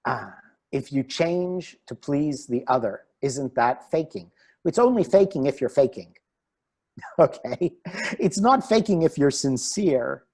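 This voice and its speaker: A man giving an online talk as a relationship coach, animated and laughing between his points. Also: a little high, takes it slowly.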